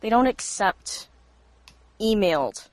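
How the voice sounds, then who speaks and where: A woman's voice: mid-range voice, lively intonation, slow pace, no room sound, poor audio. A woman co-hosting a podcast in casual chat, dropping dry, teasing remarks. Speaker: podcast co-host.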